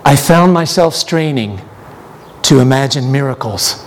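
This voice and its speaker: A man's voice: mid-range voice, animated, a little hiss or hum. A man preaching a sermon, building to emphatic repeated appeals, then leading an altar call and prayer. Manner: slow, with rising emphatic repetitions.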